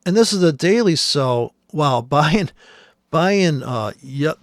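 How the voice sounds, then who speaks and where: A man's voice: fairly high pitch, lively intonation, slow pace, no room sound, clean studio sound. A man who trades, walking through charts on screen in blunt, profane, exasperated commentary.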